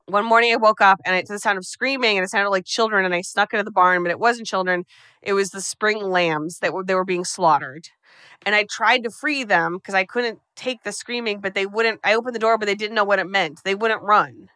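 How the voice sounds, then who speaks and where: A woman's voice: medium pitch, fairly quick, bright, forceful tone, smooth, no room sound, clean studio sound, close to an everyday voice. A woman playing a determined young female FBI trainee in a comic film recap, paraphrasing bluntly and swearing. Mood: urgent.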